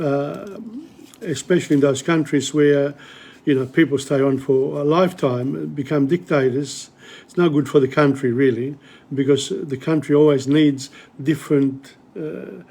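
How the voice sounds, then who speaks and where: A man hosting a live-streamed literature lesson, speaking casually, often pausing mid-sentence to search for words. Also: a little high, mellow. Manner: switches between English and Italian.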